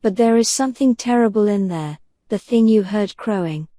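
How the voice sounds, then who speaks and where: A woman voicing a frightened male pirate sailor in a soft bedtime audiobook reading, with a hollow, shaken manner. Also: medium pitch, normal speed, dry recording, studio quality, close to an everyday voice.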